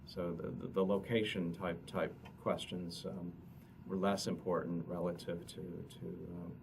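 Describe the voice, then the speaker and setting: A man, an economist, explaining survey results at a press conference in a halting way, often repeating words. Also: sits low, little pitch movement, vocal fry. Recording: distant mic with noticeable noise.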